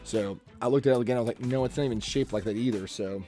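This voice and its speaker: A man's voice: medium pitch, fast, warm tone, soft background music. A man chatting casually with his stream chat while he draws, rambling and muttering to himself as he works. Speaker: artist livestreaming a drawing session.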